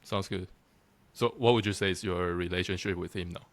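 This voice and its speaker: Brief: male interviewer, very low voice, relaxed short reactions and simple questions. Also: brisk, slight background noise. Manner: short reactions, easy questions, laughs along. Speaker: interviewer, channel host. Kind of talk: casual interview.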